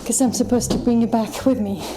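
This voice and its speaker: A woman's voice: on the high side, steady tone, fairly quick. A woman vlogging casually at home, chatty and self-deprecating, often laughing at herself. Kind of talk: casual vlog narration. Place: home living room. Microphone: camera mic, moved around.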